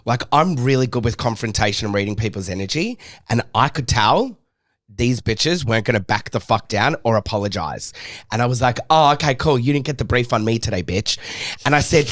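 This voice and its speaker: A man's voice: mid-range voice, lively intonation, a little fast, a bit bright. A man co-hosting a podcast, telling a story in casual chat with lots of swearing and emphasis. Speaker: podcast co-host.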